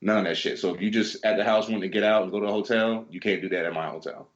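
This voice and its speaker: Fast-talking man telling stories loosely. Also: lowish voice, dull audio. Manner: animated storyteller, swears freely, acts out exchanges. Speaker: podcast co-host. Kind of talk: casual chat, storytelling.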